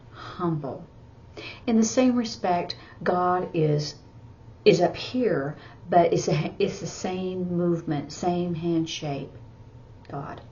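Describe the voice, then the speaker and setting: A woman explains signs in a slow, patient teaching style, with soft asides. Her voice sits a little low and she takes her time. The recording is a bit dull, with a faint hiss behind her. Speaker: sign language teacher.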